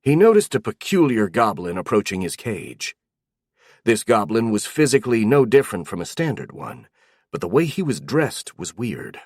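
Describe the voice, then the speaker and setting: A male narrator reads a fantasy audiobook in a steady, even way. His voice sits fairly low, and the recording is dry and close with no room sound. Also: moderate pace, breathy edge, dry recording.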